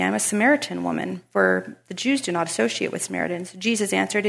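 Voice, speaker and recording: A woman's voice: lowish voice, vocal fry. A woman giving a casual devotional talk, reading scripture and chatting about everyday life. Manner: chatty, animated when retelling a story. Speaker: Bible study speaker.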